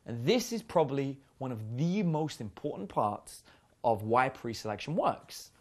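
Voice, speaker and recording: A man's voice: medium pitch, sing-song, normal speed. A man giving a casual dating seminar, chatty and full of fillers. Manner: chatty, uses many fillers and acted quotes. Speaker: dating coach.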